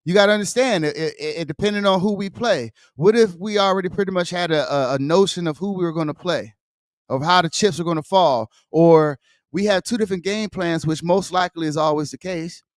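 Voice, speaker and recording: A man with a noticeably high voice ranting about sports as a podcast host. He talks casually and heatedly, swears freely and circles back on his words. The sound is dry and close, with no room around it. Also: brisk, dry recording. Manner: heated, profane, repeats himself.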